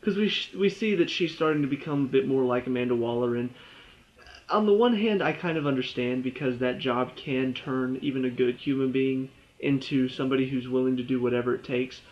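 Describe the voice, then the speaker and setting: A man's voice: medium pitch, fairly quick, darkish tone, dull audio. A young man reviewing a TV episode in an exasperated, sarcastic rant, mocking the characters in quoted voices. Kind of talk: ranting video review.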